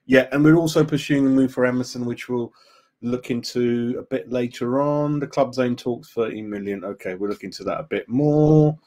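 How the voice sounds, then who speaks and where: A man's voice: mid-range voice, moderate pace, darkish tone. A man hosting a casual fan live stream, chatting loosely, greeting viewers by name and saying "mate" a lot. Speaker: fan channel host.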